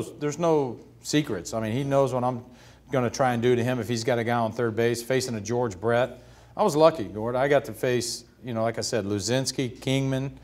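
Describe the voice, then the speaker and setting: Man, fifties, stage interview guest, animated storytelling, acts out voices. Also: mid-range voice. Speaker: interview guest, retired pitcher.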